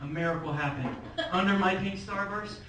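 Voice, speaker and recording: High-voiced man doing stand-up. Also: brisk, pushed and bright. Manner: wry storytelling, playful crowd asides. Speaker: stand-up comic. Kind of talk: stand-up comedy set. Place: comedy club at open mic night. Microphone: handheld stage mic. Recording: echoey club, far from the camera, noisy. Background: crowd laughter.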